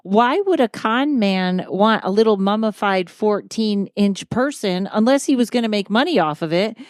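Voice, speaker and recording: A woman's voice: medium pitch, expressive, normal speed, dry recording, studio quality. A woman hosting a podcast in casual chat, laughing often and acting out quotes as she tells stories. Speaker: podcast host.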